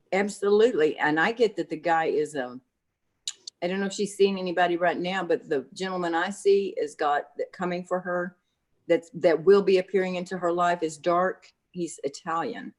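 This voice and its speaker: A woman gives psychic readings in a casual, chatty livestream, calling the viewer honey. Her voice sits on the low side and she talks at a normal speed.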